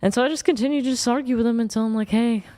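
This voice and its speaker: A woman's voice: fairly high pitch, racing. A young woman from Oklahoma, a guest on a dating talk show, telling a story bluntly with lots of swearing. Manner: blunt, profane, animated storytelling.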